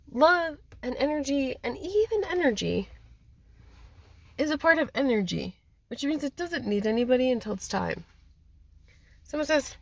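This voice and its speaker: A woman's voice: on the high side, gravelly, dry recording. A woman giving an intuitive card reading in a rambling, repetitive way, often speaking quoted messages aloud. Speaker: spiritual card reader.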